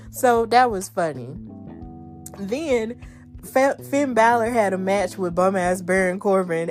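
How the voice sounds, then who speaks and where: A woman's voice: medium pitch, a little mellow. Chatty slangy woman podcast host. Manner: chatty, slangy, laughs at her own jokes. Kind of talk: casual wrestling recap.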